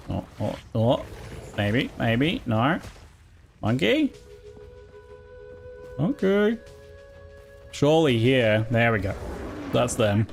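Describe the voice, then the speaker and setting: A man streaming a video game live, reacting excitedly to the action, yelping and laughing, and chatting directly to his viewers. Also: lowish voice, creaky. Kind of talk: live gameplay commentary. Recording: game music under the voice. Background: game music.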